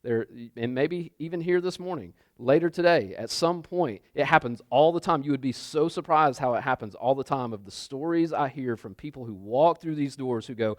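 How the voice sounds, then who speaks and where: A man's voice: medium pitch, moderate pace, few pauses, no room sound, clean studio sound. A man preaching a sermon in a loose, conversational way, repeating phrases and checking in with his listeners. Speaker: pastor.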